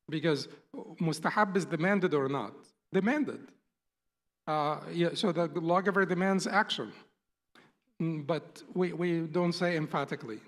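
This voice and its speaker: A man teaching a class in a patient, explanatory way, rephrasing his terms and asking questions to the room. His voice sits a little on the high side. The recording carries the long reverb of a lecture hall. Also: fairly bright tone. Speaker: instructor.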